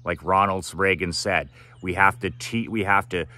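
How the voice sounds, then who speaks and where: A man's voice: low voice, fairly even intonation, moderate pace, sharp tone. A man giving a direct-to-camera motivational monologue, emphatic and repetitive with a preachy tone. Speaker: motivational speaker.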